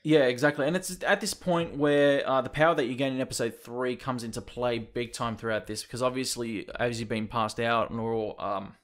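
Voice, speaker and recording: A man co-hosting a casual gaming podcast, animated and swearing freely as he acts out quotes. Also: medium pitch, a little fast, few pauses. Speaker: podcast co-host.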